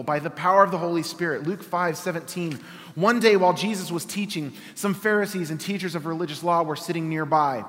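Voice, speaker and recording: A male preacher with a fairly high voice reads scripture and drives home his points with rhetorical questions. His voice carries a long reverb, as if spoken in a large hall. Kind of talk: sermon with scripture reading.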